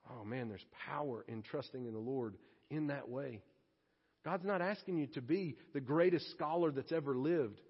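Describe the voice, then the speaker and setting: A man's voice: mid-range voice, moderate pace, slightly rough. A man, preaching a sermon to his congregation in a church in a conversational, joking way. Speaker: pastor. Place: church sanctuary. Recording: reverberant hall, slightly muffled.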